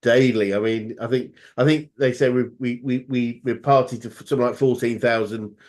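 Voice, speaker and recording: Guy hosting a business interview, keen, stumbles and repeats words, middle pitch. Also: steady tone, fairly quick, a little mellow. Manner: enthusiastic, many false starts and repeated words. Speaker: interview host, business coach. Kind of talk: casual interview chat.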